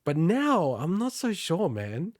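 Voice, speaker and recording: A man's voice: on the high side, huge pitch swings, takes it slowly, crowd noise. A man co-hosting a casual gaming podcast, laughing often and rambling with restarts. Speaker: podcast co-host. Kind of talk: casual chat.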